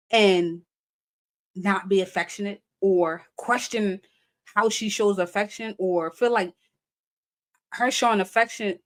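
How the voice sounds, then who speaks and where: A woman's voice: medium pitch, a bit bright. A young adult woman hosting a casual live-stream chat, talking animatedly, laughing often and reading viewer comments aloud. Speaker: live show host.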